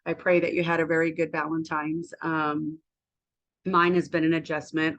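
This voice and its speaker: A woman's voice: low-pitched, level tone, moderate pace, a bit bright. A woman in her fifties from the United States, a health coach talking candidly and emotionally in a casual, rambling personal vlog. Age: 50s.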